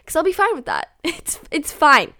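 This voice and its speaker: A woman's voice: high-pitched, wildly swooping pitch, normal speed, sharp tone. A young woman hosting her own podcast, chatting casually and rambling with lots of "like"s, joking at her own expense. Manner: chatty, rambling, self-mocking, many "like"s. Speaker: podcast host. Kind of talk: casual solo podcast chat.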